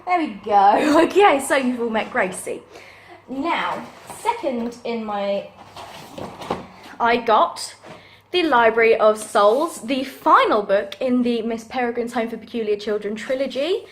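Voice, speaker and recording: A young woman gushing excitedly as she chats through a book unboxing. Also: on the high side. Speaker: book vlogger. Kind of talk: casual unboxing chat.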